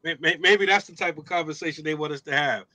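A man on an imams' panel, talking in an animated, joking way with lots of rhetorical asides. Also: on the high side, fast, dry recording. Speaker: imam on a roundtable. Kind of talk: casual panel discussion.

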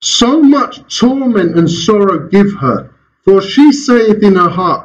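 Lively preaching man, muffled church recording. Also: high-pitched, unhurried, slight background noise. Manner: lively, rhetorical questions, chuckles between points. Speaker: pastor. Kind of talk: sermon. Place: church hall.

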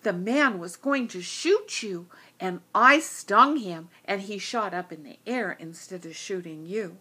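A woman's voice: medium pitch, unhurried, pushed and bright, husky. A woman voicing a small, grateful male bee in a storybook tale, speaking earnestly. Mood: excited.

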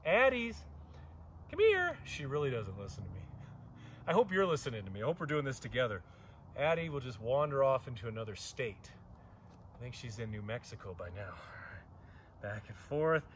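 A man's voice: mid-range voice, animated, fairly quick, pauses often, slight background noise. Joking male yoga instructor outdoors. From Southern California. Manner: joking asides between pose cues. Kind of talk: guided yoga class.

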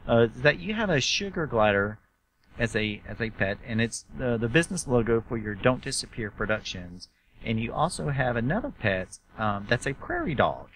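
A man with a Southern US accent hosts an interview in a bright, forceful voice. He talks in an enthusiastic, chatty way, rambling on between questions. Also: medium pitch, big pitch swings, normal speed, a little hiss or hum. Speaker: host. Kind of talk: talk show interview.

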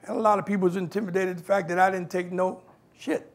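His voice is high and his pace quick. The man, a New Yorker, is a guest speaker spinning lively tales from his life and acting out how the people in them sounded.

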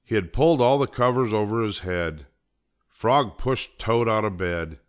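An older man reading a children's storybook aloud in a gentle, measured way. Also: lowish voice, smooth.

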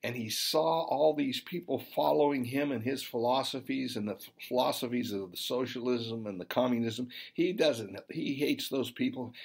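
A man's voice: mid-range voice, vocal fry, slightly rough. A man preaching and telling of a vision, with emphatic, fervent exhortation. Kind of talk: sermon testimony.

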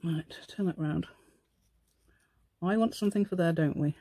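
A woman's voice: on the low side, moderate pace, dark tone, dry recording. A woman hosting a casual crafting tutorial at her craft table at home, thinking aloud and asking the viewer questions as she works. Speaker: craft channel host.

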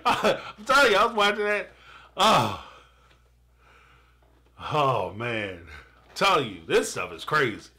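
A middle-aged man rants through a live reaction, his voice high and lively, swinging up and down. The tone is bright and forceful as he laughs and fires off his takes. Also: slow, pauses often. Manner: fired up, ranting and laughing, talks straight at the viewer. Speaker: live-stream reaction host. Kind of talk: animated reaction commentary.

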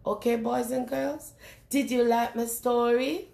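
Brief: female children's storyteller, slow and very expressive, sing-song, room echo. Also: on the high side, gravelly, noisy background. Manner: animated, sing-song, asks the children questions. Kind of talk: reading a picture book aloud to young children.

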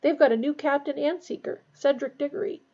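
A woman voicing an intense, anxious young male sports captain who speaks bitterly and forcefully, in a storybook reading. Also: high-pitched, a little fast, dull audio, voice pushed up.

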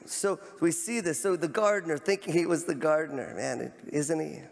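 Preacher, man, fervent and repetitive, slightly high voice, recorded in a reverberant church. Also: animated, normal speed, vocal fry. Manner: fervent, repeats words, rises to near shouts. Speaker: pastor. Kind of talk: sermon. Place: large church sanctuary. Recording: long church hall reverb.

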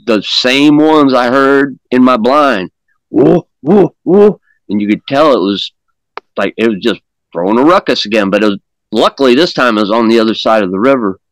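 Recounting an encounter as an interview guest, a man with a mid-range, somewhat bright voice rambles through his story in a folksy, plain-spoken way, frequently repeating words. The audio is low-quality with no room sound.

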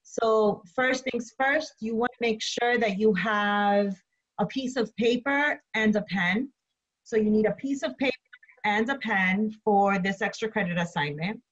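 A woman teacher giving an online English lesson, slowly repeating instructions and then reading a story aloud. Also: mid-range voice, highs cut off. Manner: slow, deliberate, repeats instructions.

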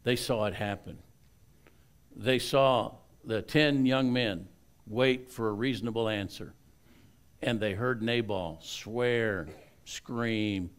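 A male pastor preaching a sermon, retelling a Bible story with lively swings between loud and hushed delivery and chatty asides to the congregation. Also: lowish voice, clean tone.

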